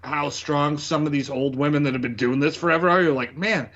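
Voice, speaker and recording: Guy on a podcast, kinda high voice, muffled sound, just chill storytelling. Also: steady tone, a little fast, fairly bright tone. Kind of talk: casual podcast chat.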